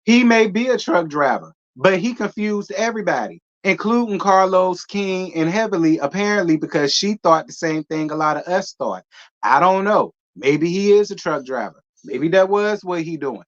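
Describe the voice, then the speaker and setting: A man's voice: high voice, lively intonation, moderate pace, dull audio. A man hosting a casual reaction commentary, talking bluntly and rambling, with slang and swearing. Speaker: commentary host.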